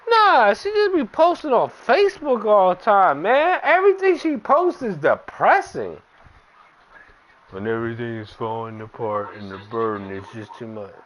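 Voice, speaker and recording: Blunt, animated man telling a story. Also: high-pitched, normal speed, poor audio. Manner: blunt, profane, animated retelling. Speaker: gaming streamer. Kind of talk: casual storytelling while playing.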